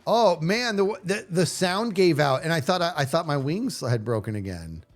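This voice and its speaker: A man livestreaming a game, talking casually to his viewers in a lively voice that swings widely in pitch. He chats on loosely and yells playfully at enemies on screen, with soft music running underneath. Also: normal speed. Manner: chatty and animated, yelling playfully at enemies. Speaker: video game streamer. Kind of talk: casual live gameplay commentary.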